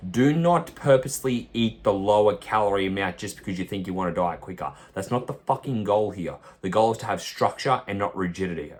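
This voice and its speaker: Blunt, profane fitness coach. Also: male voice, fairly low pitch. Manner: forceful, profane, lecturing. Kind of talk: blunt podcast monologue.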